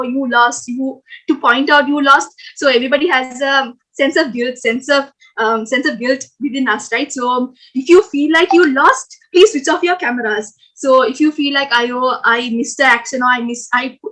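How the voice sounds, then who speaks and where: A young woman with a high voice hosts an online icebreaker game. She talks in a chatty, upbeat, coaxing way, full of fillers. She comes through a video call mic. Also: a bit bright, low-quality recording. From Sri Lanka. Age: young adult. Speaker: game host at a student club orientation. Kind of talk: casual online game hosting.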